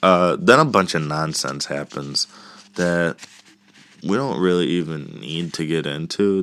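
A man's voice: sits low, a little slow, fairly bright tone. A man casually recapping a movie between coughs, rambling, joking and swearing as he goes.

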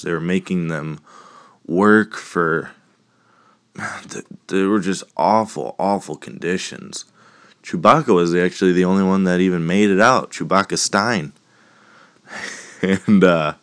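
A man hosting a casual solo podcast, rambling and joking, with a lingering cough. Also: deep voice. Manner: joking, rambling, laughs at own puns. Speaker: podcast host.

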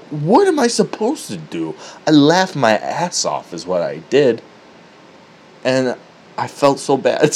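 A man spins a comedic story, cursing freely and breaking into laughter. His pitch swings widely while the pace stays unhurried and drawn out. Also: a little hiss or hum. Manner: animated, profane, laughing at his own story.

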